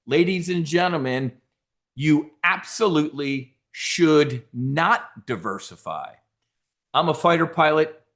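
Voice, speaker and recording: A man giving an energetic trading seminar talk, brash and direct, joking with the audience. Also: fairly high pitch, takes it slowly. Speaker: conference speaker.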